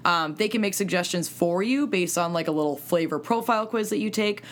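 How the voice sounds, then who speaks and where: A woman's voice: lowish voice, brisk. A woman co-hosting a podcast, chatting casually with friends, laughing and joking in exaggerated asides, and reading an ad. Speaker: podcast co-host. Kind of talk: casual chat and ad read.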